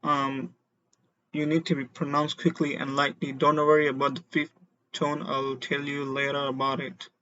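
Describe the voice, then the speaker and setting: A man teaching a beginner Mandarin lesson, explaining slowly and deliberately and having learners repeat syllables after him. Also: on the high side, little pitch movement, pushed and bright, dry recording, muffled recording. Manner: slow, deliberate explanations with demonstrated tones.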